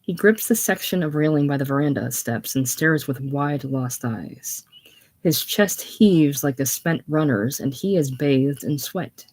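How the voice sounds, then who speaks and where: A casual reader works through a play's stage directions in a middling voice, plainly and without fuss. The delivery is relaxed and unpolished. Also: mid-range voice, unhurried. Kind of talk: casual reading of a play.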